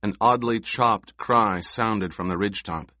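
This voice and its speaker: Male audiobook narrator, very low voice, slow, dry close recording. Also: pushed and bright, no echo. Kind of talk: scripted narration.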